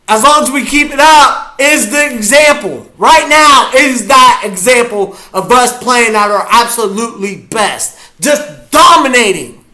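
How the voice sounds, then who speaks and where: A man reacting to a football game as a fan, hyped and often shouting his cheers. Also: very high voice, expressive, measured pace. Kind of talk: live game reaction vlog.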